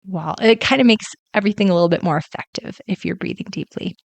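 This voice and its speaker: A woman's voice: fairly low pitch, fast talker, vocal fry, no echo. A woman in her forties hosting a solo podcast as a life coach, talking in a chatty, conversational way. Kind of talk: casual solo podcast talk.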